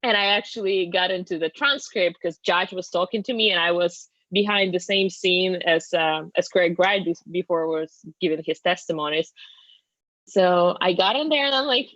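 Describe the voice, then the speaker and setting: A woman's voice: lowish voice, normal speed, a bit bright, no room sound. Woman, Russian accent, native Russian speaker, chatty storytelling, dull lo-fi call audio, dry sound. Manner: chatty, laughing, frequent fillers. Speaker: guest reporter. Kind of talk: casual interview storytelling.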